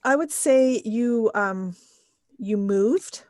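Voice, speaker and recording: A woman's voice: on the high side, drawn-out words, darkish tone, no room sound, studio quality. A woman running a tabletop game as game master, patiently working through the rules and damage numbers. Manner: patient, checks numbers step by step.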